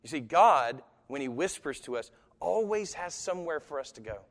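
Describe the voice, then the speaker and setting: A man's voice: fairly high pitch, sing-song, normal speed. A man preaching a live sermon to an audience, talking conversationally with sudden emphatic rises and occasional chuckles. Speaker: pastor. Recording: long hall reverb.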